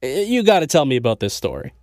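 Male podcast host, eager and friendly, dry close sound, mid pitch. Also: huge pitch swings, fast talker, darkish tone, no echo. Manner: eager, laughs along, chummy. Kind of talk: casual chat.

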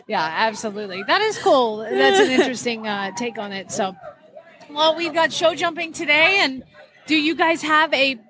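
A woman's voice: high voice, expressive, bright, forceful tone. A woman hosting a casual conversation, upbeat and asking questions. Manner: upbeat, asks guests questions, quick agreeing. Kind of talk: casual chat.

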